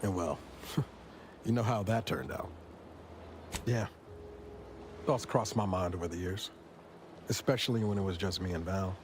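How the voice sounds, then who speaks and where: A man's voice: low voice, measured pace, pauses often, noisy background. A man playing a weary male space agent, speaking in a dry, wry, reflective way in game dialogue. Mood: wistful. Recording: game audio with music behind.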